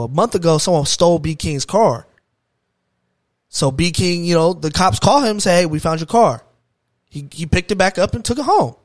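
A young man with a slightly raised voice, telling a story with lots of energy and heavy slang. He gets animated and excitable as he talks. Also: a little high, no room sound. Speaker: podcast guest. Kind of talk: casual storytelling chat.

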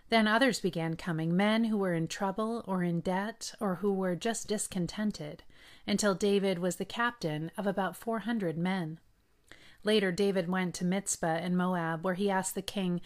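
A woman hosting a daily Bible reading, reading scripture in a measured way with brief asides. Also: mid-range voice.

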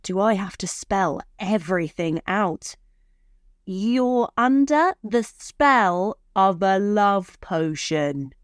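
A woman's voice: medium pitch, animated, takes it slowly, clean tone, dry recording, clean studio sound. A woman voicing a curt, contemptuous young man in a story reading. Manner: curt and dismissive.

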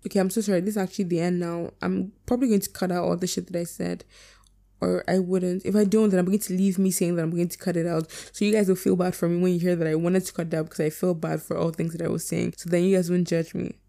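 A young woman hosting a podcast, rambling chattily through her outro, self-deprecating, swearing casually and slurring words as she rushes. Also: on the low side, level tone, creaky, warm tone. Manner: fast, slurred enunciation. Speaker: podcast host.

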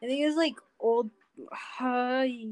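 A woman's voice: high voice, fairly even intonation, slow, no room sound, soft background music. A young woman co-hosting a casual chat, laid-back, answering briefly and laughing easily. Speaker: podcast co-host.

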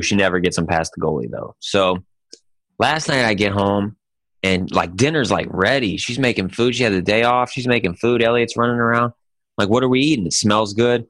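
A man with a lowish voice tells a joking story on a podcast, animated and loose, tossing in "dude" every few lines. His voice sounds close and dry on the mic, with no room sound. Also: normal speed, no room sound. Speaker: podcast co-host. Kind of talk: casual chat.

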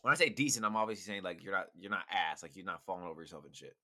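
A young man co-hosting a podcast in casual chat, profane and emphatic when making his point. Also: deep voice. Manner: fast, animated, profane and emphatic. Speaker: podcast co-host.

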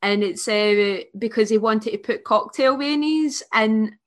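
A woman guest on a podcast, telling stories in a giggly, animated way. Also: fairly high pitch, a little slow. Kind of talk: casual podcast chat.

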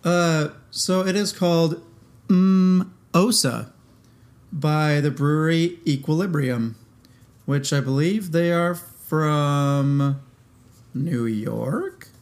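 A man's voice: on the high side, slow pace, darkish tone, soft background music. A man co-hosting a podcast in casual chat, easygoing and playful. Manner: easygoing, playful, laughs along. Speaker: podcast co-host.

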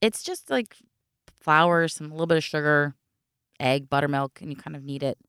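A middle-aged woman with a lowish, smooth, resonant voice, talking casually on a podcast. She laughs easily and walks through recipes step by step. The sound is close and dry. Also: lively intonation, normal speed, fairly bright tone, dry recording. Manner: chatty, laughs often, explains recipes step by step. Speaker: podcast co-host. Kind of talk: casual chat.

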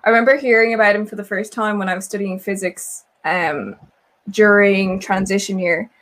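A woman's voice: medium pitch, steady tone, moderate pace, fairly bright tone. Gushing young woman. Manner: enthusiastic, gushing with filler words. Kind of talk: casual group chat.

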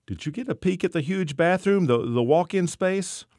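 A man's voice: high voice, lively intonation, moderate pace, a little mellow, dry recording, clean studio sound, voice pushed up. A man reading the lines of a scheming bartender in his forties, conspiratorial and hesitant.

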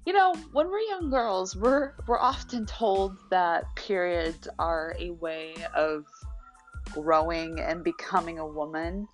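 A woman's voice: fairly low pitch, expressive, takes it slowly. A young woman talks in a loose, confessional way on her own podcast. She is blunt and cheerful, curses casually and laughs between thoughts. Faint music plays behind her. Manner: candid, swears freely, laughs often. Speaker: podcast host.

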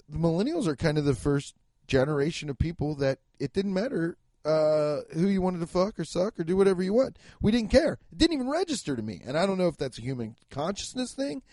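A young man in his twenties or thirties, a comedian rambling through a profane, animated monologue with bursts of shouting. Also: a little high, no room sound. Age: 20s to 30s.

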